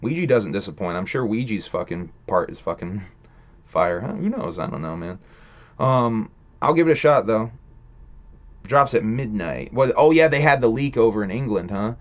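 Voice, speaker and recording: On a lo-fi livestream, a host with a fairly low voice and lively intonation speaks at a moderate pace. Loose and profane, he wanders from thought to thought with lots of filler while reading and answering his viewers' chat.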